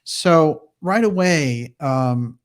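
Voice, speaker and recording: A man's voice: fairly high pitch, lively intonation, very slow. A man hosting a livestream talk show, telling a story in a casual, conversational way with easy laughs. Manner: conversational fillers and restarts. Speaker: host. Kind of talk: livestream commentary and reading.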